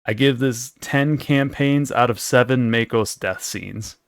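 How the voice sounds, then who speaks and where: A man's voice: medium pitch, a little slow, clear, resonant tone, no room sound. Sarcastic young man, dry close mic. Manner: sarcastic, profane, rambling asides. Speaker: video creator. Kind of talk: comedic recap commentary.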